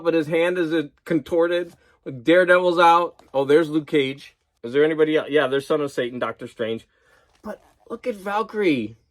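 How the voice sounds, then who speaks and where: Excitable man geeking out. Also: fairly high pitch. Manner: excited, geeking out over comics; chatty, laughs at himself. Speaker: vlogger. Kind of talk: casual chat.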